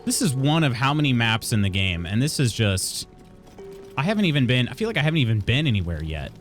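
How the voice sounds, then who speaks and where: A man's voice: medium pitch, sing-song, fast talker, soft background music. A man from Illinois casually chatting while streaming a video game, reading chat aloud and laughing often.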